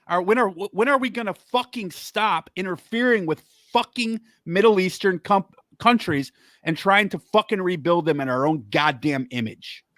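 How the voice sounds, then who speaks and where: A man's voice: high voice, moderate pace, a bit bright, dry recording, studio quality. A man hosting a podcast, angrily ranting about politics and swearing heavily. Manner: angry, heavy swearing, worked up. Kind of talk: profane political rant.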